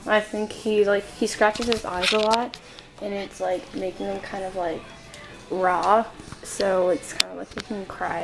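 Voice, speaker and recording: A young woman films a casual home video of her dog, giggling, cooing at him and scolding him, her voice going shrill when she gets excited. She's a dog-owner vlogger, and the home camera recording is noisy.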